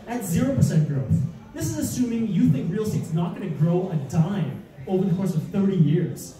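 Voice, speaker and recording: A man giving an animated real estate seminar with slides, asking the audience rhetorical questions and acting out mock panic. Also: high voice, moderate pace. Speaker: real estate investing speaker. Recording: echoey room, distant mic, audience.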